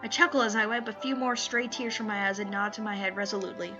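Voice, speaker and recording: A woman hosting a let's play, reading a visual novel aloud with expressive, giggly asides. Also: medium pitch, quick pace. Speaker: let's play host reading a dating sim. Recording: slightly muffled, faint music behind.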